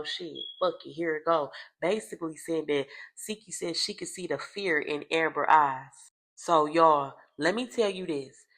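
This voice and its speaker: A young adult woman recapping reality TV in casual, profane gossip with dramatic loud outbursts. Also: low voice.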